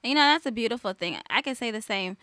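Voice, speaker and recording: A woman's voice: fairly high pitch, lively intonation, fast, bright, forceful tone, no room sound. A woman hosting a talk radio show, telling personal stories candidly in a casual chat. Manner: candid, emotional personal storytelling. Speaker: host. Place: studio.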